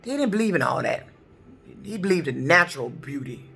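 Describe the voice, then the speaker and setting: A middle-aged woman vents hard to camera, her voice bright and sharp-edged as it swings wide between high and low. She rants in a profane, repetitive stream, circling back to the same points again and again. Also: sing-song, brisk, vocal fry, a little hiss or hum. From Detroit, US. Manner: heated, profane, repetitive ranting. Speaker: truck driver. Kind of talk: angry ranting vlog.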